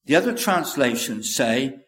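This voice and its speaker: A man preaching a sermon in a measured, earnest way, quoting scripture aloud. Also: medium pitch, big pitch swings, fairly bright tone. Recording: echoey hall with long reverb.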